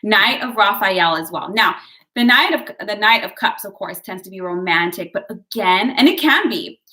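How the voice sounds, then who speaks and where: A woman's voice: medium pitch, expressive, moderate pace, bright, forceful tone. A woman giving a casual, chatty tarot and horoscope reading, encouraging her viewers and drifting into side stories. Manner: chatty, digressive, encouraging, addresses viewers as guys. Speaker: tarot and astrology reader.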